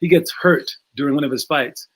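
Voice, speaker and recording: Guy coaching kids at basketball, kinda high voice, lots of um and like, repeats himself, gets animated. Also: a little fast, slightly rough. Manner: energetic, acts out movie scenes in raised voices; many fillers and repeated words. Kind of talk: casual talk to young players.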